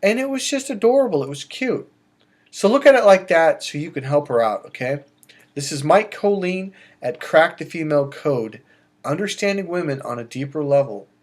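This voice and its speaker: A middle-aged man, a dating coach, giving emphatic advice straight to camera, swinging between loud bursts and quiet asides. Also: a little high, lively intonation, normal speed. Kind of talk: direct-to-camera advice monologue.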